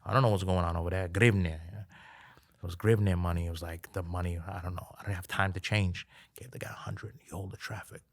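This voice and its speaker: A man as a podcast guest, telling stories in a casual chat, animated and acting out the dialogue with frequent laughs. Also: low-pitched, a little fast. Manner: animated, acts out quoted dialogue, laughs often.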